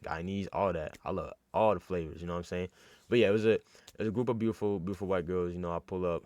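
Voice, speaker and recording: A man's voice: low voice, steady tone, fast, darkish tone. A young man from New York telling a casual, slangy story with lots of fillers and restarts.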